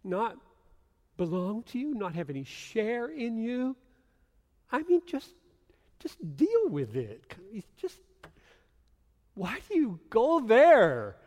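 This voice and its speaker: A man preaching an expository sermon, swinging from hushed whispers to loud emphatic bursts. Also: very high voice, wildly swooping pitch, slow, pauses often. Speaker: pastor. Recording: long hall reverb.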